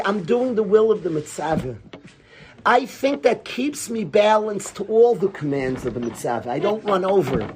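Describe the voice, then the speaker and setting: A man teaches a lively Torah class in a high voice, with a faint hiss or hum in the background. He speaks emphatically, repeating key phrases and posing rhetorical questions.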